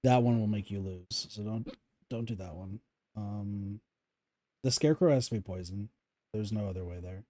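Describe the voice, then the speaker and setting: Male streamer, mellow and relaxed, hiccuping, halting coach with fillers, dry close sound. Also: lowish voice, no echo. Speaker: streamer guiding a co-player. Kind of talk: casual gaming chat.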